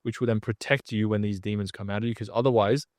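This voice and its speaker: A man's voice: fairly low pitch, steady tone, fast talker, no echo, studio quality. A man guesting on a podcast, telling a story in a casual, slangy way and acting out what other people said. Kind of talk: animated storytelling.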